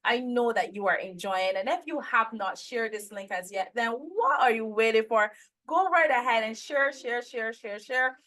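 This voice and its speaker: A woman talk-show host with a slightly high voice wraps up the show. She is effusive, repeats words for emphasis and warmly urges listeners to share and tune in again. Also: moderate pace, rough recording.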